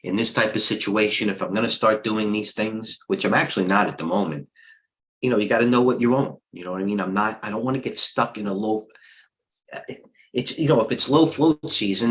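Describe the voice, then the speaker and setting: Middle-aged guy w a lowish voice doing a live trading stream, rambly and blunt. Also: brisk, a bit bright, poor audio. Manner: rambling, off-the-cuff, many fillers; blunt, opinionated. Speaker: head trader and trading coach. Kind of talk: live market commentary stream.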